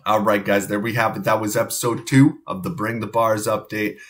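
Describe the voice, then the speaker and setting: A man's voice: on the low side, little pitch movement, fairly quick, over music. A man hosting an independent hip hop show, talking in a laid-back, rambling way with many fillers. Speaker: host. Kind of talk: casual show talk.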